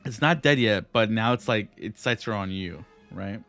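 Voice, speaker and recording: Halting low-voiced male game master. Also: a bit bright, faint music behind. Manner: halting, full of fillers and tag questions. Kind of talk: narrating a tabletop game. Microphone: streaming setup.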